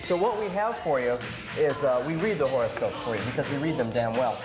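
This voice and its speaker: A man with a stuffed-up nose hosting a campy comedy TV show, making dark jokes with chuckling asides. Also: mid-range voice, lively intonation, brisk, music in the background. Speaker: host.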